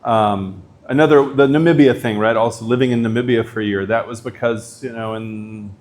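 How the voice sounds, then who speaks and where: A man's voice: mid-range voice, fairly even intonation, normal speed, a little mellow. A middle-aged man, a professor, giving a lecture in a casual, chatty way, full of likes and you-knows.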